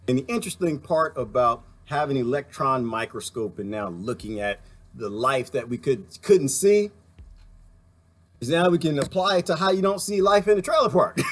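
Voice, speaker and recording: A man's voice: fairly high pitch, breathy edge. A man hosting a casual livestream, rambling and laughing often as he talks straight to his viewers. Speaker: livestream host.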